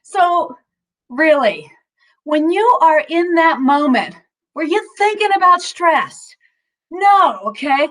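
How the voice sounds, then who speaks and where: This mindfulness instructor has an extremely high, fairly bright voice and animated delivery, though she speaks slowly. Her session is casual and upbeat, full of chatty fillers and self-interrupting restarts, and she is occasionally out of breath.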